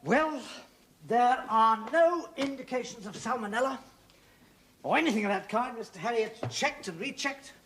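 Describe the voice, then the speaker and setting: An actor playing a crisp, well-spoken veterinary surgeon who is brisk and theatrical, in a 1970s television drama. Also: male voice, very high voice, animated, a bit bright, a little hiss or hum. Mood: brusque. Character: brisk, theatrical country vet in charge.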